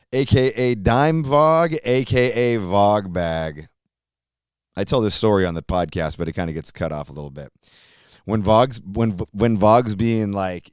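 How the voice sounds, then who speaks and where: A middle-aged man chatting as a podcast host, joking around in an easy, slangy way. His voice sits low and sounds smooth and clean. The sound is dry and close, with no room in it. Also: dry recording. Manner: chatty, joking, laid-back, drops into slang like "dude" and "man". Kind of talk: casual podcast monologue.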